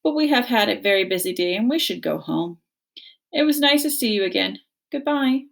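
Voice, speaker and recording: A courteous, stiff-spoken female robot, gentle and formal in every phrase, as a woman reads her aloud. The voice sits higher and a touch gravelly, with a lively lift. It suits a storybook reading. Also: fairly quick. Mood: polite. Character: calm polite female robot, tall and gentle.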